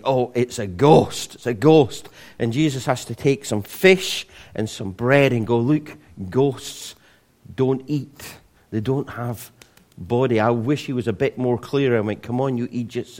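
A man preaching a sermon in a relaxed, conversational way, with jokes and frequent restarts. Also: medium pitch. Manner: conversational, humorous storytelling with many restarts.

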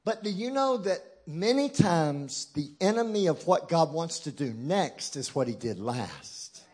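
A man with a high, husky voice preaches a sermon to a church congregation. He drops to a near hush, then climbs to loud, shouted peaks, and mixes in light humor along the way. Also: sing-song, unhurried. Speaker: guest preacher.

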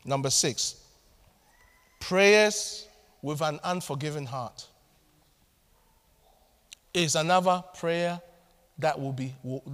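A man preaching a sermon to his church, animated and acting out little family scenes as he talks. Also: on the high side. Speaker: pastor. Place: church hall. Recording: long hall reverb.

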